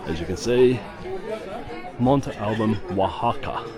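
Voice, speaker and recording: A man's voice: fairly low pitch, measured pace, a crowd in the background. A man giving an enthusiastic walking-tour vlog outdoors at an archaeological site. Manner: enthusiastic, exclaims often. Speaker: travel vlogger.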